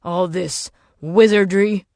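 A woman voicing a gruff, impatient man in command, who swears and gives blunt orders. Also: high voice, moderate pace, a little mellow, no room sound, clean studio sound, lightly acted. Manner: brusque, curses, gives orders. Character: gruff impatient male militia leader.

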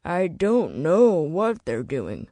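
A man's voice: a little high, huge pitch swings, slow, mellow, no echo, exaggerated voice. A woman voicing a tired, fussy man who tinkers with radios, explaining himself in a dry, defensive way. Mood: weary.

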